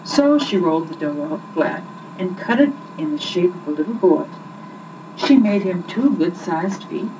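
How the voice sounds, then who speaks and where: A woman reads a children's story aloud with lively expression, her pitch swinging up and down. She sounds far from the mic. The recording is muffled and has loud background hiss. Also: normal speed.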